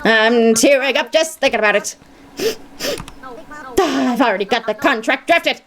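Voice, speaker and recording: A woman voicing a smug, fast-talking TV network scout cowpoke in a video game, rattling off audience statistics. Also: a little high, a bit bright.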